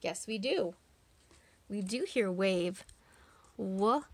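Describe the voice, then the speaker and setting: A woman teaching young children phonics online, drawing out the sounds of words and asking patient, encouraging questions. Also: on the high side. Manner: slow, drawn-out sounding out of words.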